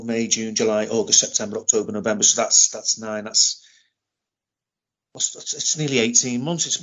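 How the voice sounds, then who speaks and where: A middle-aged British man telling a personal story in an interview, halting and often repeating himself as he restarts. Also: medium pitch, a bit bright. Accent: British English. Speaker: interview guest. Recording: dull lo-fi recording.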